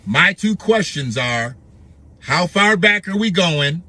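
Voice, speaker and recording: A man's voice: sits high, expressive, slow pace, pushed and bright. A man commenting on news clips in a blunt, sarcastic way, mocking what he hears with repeated questions.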